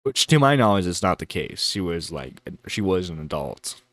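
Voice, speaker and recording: Lively-voiced male streamer host. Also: low-pitched, no echo, clean studio sound. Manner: chatty, laughing, halting with fillers. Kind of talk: casual reaction chat.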